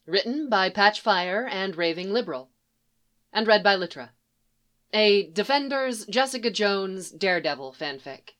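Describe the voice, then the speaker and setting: A woman narrating a fan fiction story in a steady, even storytelling manner. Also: medium pitch. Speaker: fanfic audiobook reader. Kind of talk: scripted narration.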